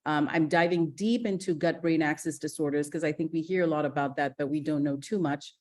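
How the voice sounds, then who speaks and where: A middle-aged woman from Ghana, a gastroenterologist giving a lively online masterclass, chatty and energetic, with fillers and restarts. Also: low-pitched, brisk. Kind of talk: live online masterclass talk.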